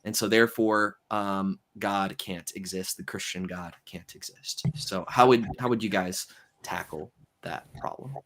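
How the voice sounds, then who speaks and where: A man's voice: deep voice, fairly even intonation, a bit bright. A man hosting a livestream panel, laying out an argument step by step with frequent fillers. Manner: measured, explains step by step with many fillers. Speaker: host and moderator. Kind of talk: casual panel discussion.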